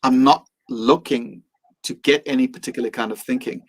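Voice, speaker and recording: A man's voice: medium pitch, fairly even intonation, normal speed, low-quality recording. A man speaking as a podcast guest, reflective and earnest, sometimes acting out his own inner voice. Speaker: mindfulness teacher and guest.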